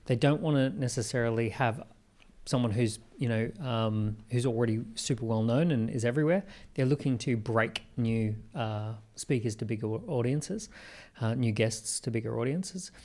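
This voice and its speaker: An Australian man talks as a podcast guest, telling his business stories with animated energy. He often restarts a sentence and adds quick asides as he goes. His voice sits at an ordinary middle pitch for a man. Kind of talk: conversational interview.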